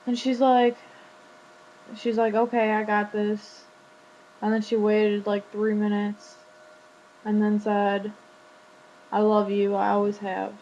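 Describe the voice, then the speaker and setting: Chatty teenage girl, flat lo-fi audio. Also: mid-range voice, slow pace, long pauses. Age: teens. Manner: chatty, retelling a conversation with lots of "like". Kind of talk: casual storytelling vlog. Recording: dull lo-fi webcam audio with faint hum.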